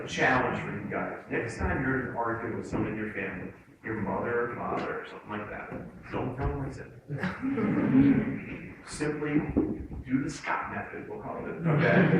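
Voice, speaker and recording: A man, an author speaking to students, giving a motivational talk as an animated storyteller who acts out the voices. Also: medium pitch. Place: hall or classroom. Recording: echoey hall, distant mic, noise.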